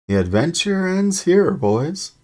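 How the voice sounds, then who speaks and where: A man voicing a smug, treacherous adult male wizard in a storybook reading, loud and theatrical. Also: a little high, very animated, slow, pitched above the performer's own voice. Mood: gloating.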